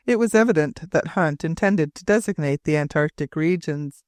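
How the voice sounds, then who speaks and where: A man narrating a classic adventure novel in a measured, formal storytelling manner. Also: a little high, no room sound, clean studio sound. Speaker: audiobook narrator. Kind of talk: scripted narration.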